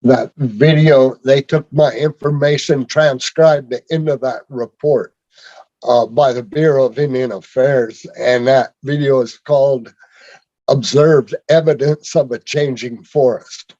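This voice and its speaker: A man telling his own story on a video call in a rambling, halting way, with many fillers and restarts. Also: medium pitch, steady tone, dark tone, no room sound. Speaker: speaker sharing his story. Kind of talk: rambling personal testimony. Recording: dull lo-fi video call audio.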